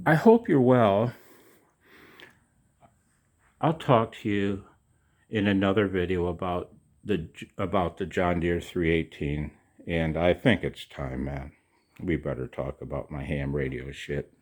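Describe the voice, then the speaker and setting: A middle-aged man talking to his viewers in a rambling, casual monologue, chatty and profane, often poking fun at himself. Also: low voice. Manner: chatty, profane, self-mocking. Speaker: video maker.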